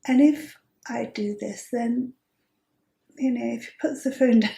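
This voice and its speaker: Slow-spoken woman telling a story. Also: on the high side, fairly even intonation, mellow, echoey room. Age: 50s. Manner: chatty and amused, with breathy asides. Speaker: host. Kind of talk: personal storytelling.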